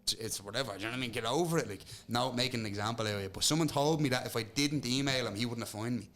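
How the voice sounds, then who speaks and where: A man's voice: medium pitch, a bit bright. A young Irish man, a podcast guest who tells fight stories in casual chat, swearing freely and acting out quotes. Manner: fast, swearing storytelling with acted quotes.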